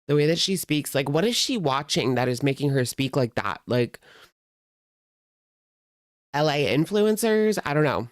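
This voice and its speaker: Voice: medium pitch, expressive, moderate pace, pauses often, dry recording, clean studio sound. A commentary host in casual chat, sarcastic and exasperated, reacting to clips.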